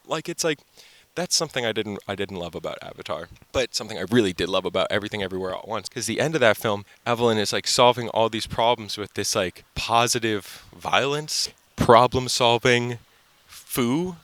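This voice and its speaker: Young male vlogger, low-ish, dry close sound, goofy upbeat rambler, outdoors. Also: a little fast, fairly bright tone, no echo. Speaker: channel host. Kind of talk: casual vlog chat. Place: outdoors by the water.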